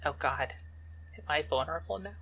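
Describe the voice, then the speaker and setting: A woman player at a tabletop game, excitable and a bit hesitant in casual chat. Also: low voice, fairly quick.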